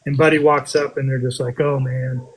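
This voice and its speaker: A man casually telling a story on a podcast, animated, with his voice jumping up high when he quotes himself. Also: moderate pace, husky, poor audio. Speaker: podcast guest telling a metal detecting story.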